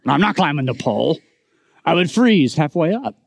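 A man voicing a scared, stubborn grown man who flatly refuses to climb. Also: fairly high pitch, normal speed, creaky, in a large hall, pitched below the performer's own voice, heavily acted.

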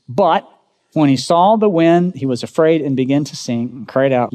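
Male pastor, dramatic sermon delivery, mid-pitched voice, long hall reverb. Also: normal speed. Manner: dramatic, swings from loud emphatic bursts to low quiet lines; asks the congregation rhetorical questions.

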